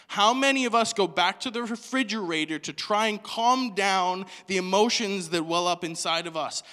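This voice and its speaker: A man preaching a sermon in a church hall, animated, asking the congregation question after question. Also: high-pitched. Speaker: pastor.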